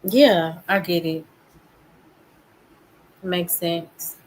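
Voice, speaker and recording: A woman's voice: fairly low pitch, extremely slow, low-quality recording. A woman in casual live-stream chat, offering short, supportive agreements.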